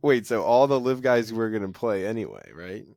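A man's voice: on the low side, moderate pace, a little mellow. Curious man firing off questions. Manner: curious, fires off questions, laughs a lot. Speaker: podcast co-host. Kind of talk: casual chat.

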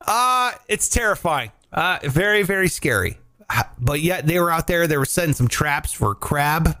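A man hosting a comedy podcast, telling odd news stories in a joking, animated way and often laughing. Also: a little high, moderate pace. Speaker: podcast host. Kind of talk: casual comedic news chat.

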